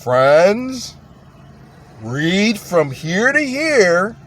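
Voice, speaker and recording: A man mimicking a slow, patronizing church elder. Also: high-pitched, sing-song, fairly bright tone, exaggerated voice. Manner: slow, over-enunciated, patronizing. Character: slow-talking condescending older male church elder.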